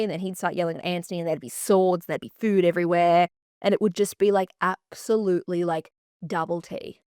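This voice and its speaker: A woman hosting a podcast, chatting in an animated way and swearing freely. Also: fairly low pitch, fast, dry recording, clean studio sound. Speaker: podcast host. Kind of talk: casual chat.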